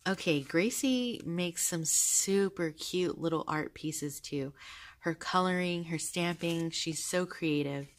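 Woman vlogger, low voice, gushing casual chat, soft-spoken. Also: slow pace. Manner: gushing, soft-spoken, with frequent fillers and laughs. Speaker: vlogger showing a journal. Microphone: handheld camera held close.

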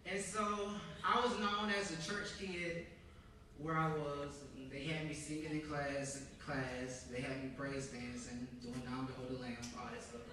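A young man from Georgia, preaching a sermon as a ministry student, telling his story with animated energy that builds to emphatic preaching. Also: fairly high pitch, a little slow, a little hiss or hum. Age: young adult. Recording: echoey hall heard from a distance.

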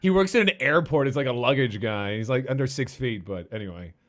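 A man hosting a live game tournament stream, relaxed, chatty and wry. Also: mid-range voice, a little fast.

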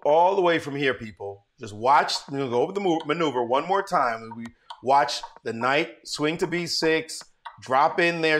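A man giving a live-streamed chess lesson, telling stories and calling out to his viewers. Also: on the high side. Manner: animated, storytelling, calls to viewers. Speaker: chess teacher.

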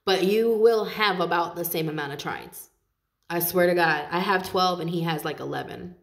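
Low-voiced chatty woman reading tarot. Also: moderate pace, vocal fry, reverberant. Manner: chatty, swears freely, laughs often. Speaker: tarot reader.

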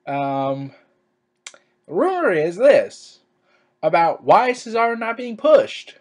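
Slow-talking, sarcastic ranting man. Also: sits high, big pitch swings. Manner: sarcastic and crude, with stammered restarts. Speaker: wrestling commentary vlogger. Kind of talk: opinion rant to camera.

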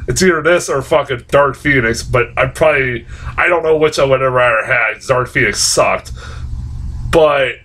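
A man's voice: medium pitch, moderate pace, bright, forceful tone. A young man giving a casual, rambling film review, swearing often and getting worked up as he talks.

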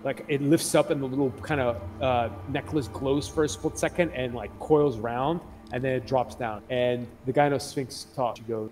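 A man's voice: mid-range voice, steady tone, moderate pace, few pauses, darkish tone. A man narrating as game master, describing scenes in a rambling way full of restarts and fillers.

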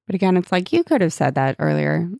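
Low gravelly woman podcasting, chatty, reads bits of the book out loud, dry close sound. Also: big pitch swings, fast, no room sound. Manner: chatty, reads book passages aloud, swears casually. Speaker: podcast co-host. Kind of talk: casual book chat with read-aloud passages.

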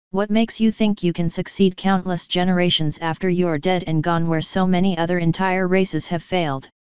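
A woman's voice: lowish voice, a little mellow, clean tone, no room sound, close to an everyday voice. A woman voicing a blunt, scornful female pony who talks in accusing challenges, in a slightly dull, dry recording.

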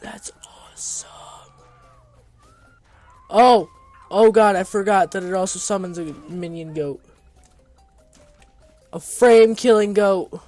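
A man doing let's play commentary, excitable and often yelling at the game. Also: high-pitched, unhurried, pauses often, no room sound, soft background music. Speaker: gaming video creator.

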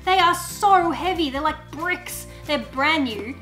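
A young woman vlogs at home, opening parcels and squealing over each one. Her voice sits high and sounds crisp and bright. Faint music runs underneath. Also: slow pace. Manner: gushing and excitable, squeals over items. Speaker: YouTuber. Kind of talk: casual unboxing vlog chat.

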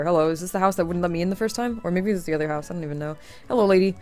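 A woman's voice: lowish voice, rapid-fire, darkish tone. A young woman hosting a casual let's-play, talking sarcastically and swearing a lot, her voice tired and strained. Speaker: gaming channel host. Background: faint game music.

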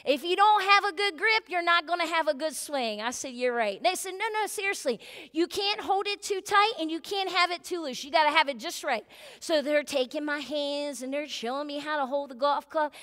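Bright high-voiced woman preaching. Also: moderate pace. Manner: chatty, animated, acts out family voices. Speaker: pastor. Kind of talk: sermon storytelling. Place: church sanctuary. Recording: long hall reverb.

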